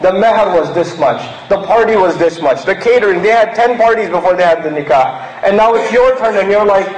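High-pitched guy from pakistan preaching, chatty, acts stuff out, echoey hall. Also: fairly quick, hardly any pauses, a little hiss or hum. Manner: conversational, acts out mocking bits. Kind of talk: sermon.

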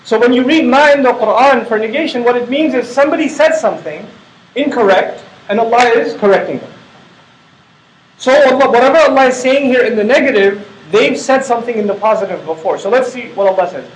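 Brief: middle-aged male teacher, high voice, casual explanatory lecture, roomy echo, faint hiss. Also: fairly quick. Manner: conversational, asks the audience rhetorical questions. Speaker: Quran teacher. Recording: echoey lecture room.

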